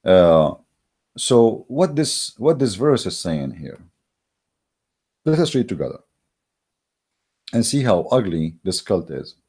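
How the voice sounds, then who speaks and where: Low, mellow-toned man for a combative polemic talk; scornful, mocking delivery, lots of "uh" and restarts. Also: sing-song, slow, pauses often, husky. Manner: scornful, mocking, emphatic with many fillers. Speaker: online religious debater. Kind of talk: heated polemical monologue. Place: recorded while in Germany.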